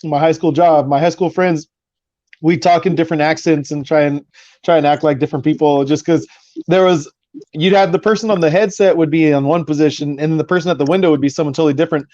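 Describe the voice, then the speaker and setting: A man's voice: a little high, steady tone, fast, darkish tone, dry recording. A man hosting a casual trucker round table, rambling a little as he tells stories. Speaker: host trucker. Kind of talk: casual chat. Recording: dull lo-fi line with faint noise.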